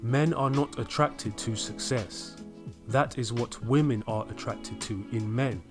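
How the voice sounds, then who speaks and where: A man delivering scripted commentary in a measured, lecturing way. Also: mid-range voice, over music.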